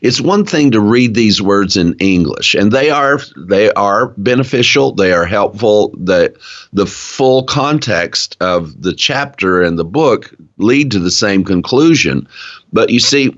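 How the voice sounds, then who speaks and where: A man with an East Tennessee accent co-hosting a casual Bible study, talking in an earnest, drawn-out preaching cadence. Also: fairly low pitch, animated, a bit bright. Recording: dull lo-fi sound.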